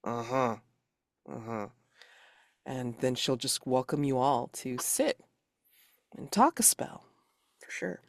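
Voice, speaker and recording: A man's voice: mid-range voice, sing-song, unhurried, creaky, long pauses, no room sound. Guy running a tabletop game, rambling casual narration, dry close sound. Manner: casual, rambling with many fillers. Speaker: game master.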